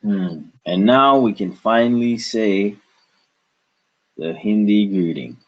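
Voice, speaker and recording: Slow, deep-voiced man teaching a language. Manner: patient, repeats each syllable several times. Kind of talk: slow spoken language lesson. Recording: dull lo-fi recording.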